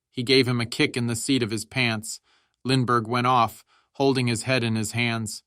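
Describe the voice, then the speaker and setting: A man narrating an audiobook in a measured, steady reading style. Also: medium pitch, clean tone, dry recording, clean studio sound.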